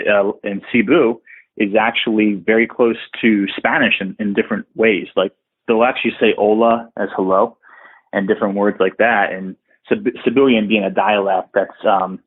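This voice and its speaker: A man being interviewed as a guest, talking candidly in a rambling way with many restarts. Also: lowish voice. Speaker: podcast guest, outsourcing business owner. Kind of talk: casual interview talk. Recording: tinny phone-like line.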